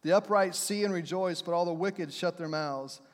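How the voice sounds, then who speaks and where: Man, pastor, high voice, animated sermon, storytelling, long hall reverb. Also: moderate pace. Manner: storytelling, animated, acts out shouts and quotes. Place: church sanctuary.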